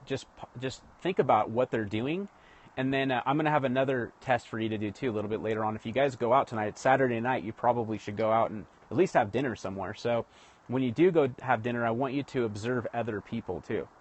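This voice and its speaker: Here a mid-range male voice moves at a quick pace as the host of a livestream chats informally about building rapport for sales. Restarts are frequent, and he speaks directly to the people watching.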